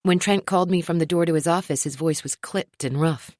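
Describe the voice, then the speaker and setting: A woman narrating a first-person romance audiobook in an expressive, wry storytelling manner. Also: on the low side, a little fast, no room sound, clean studio sound.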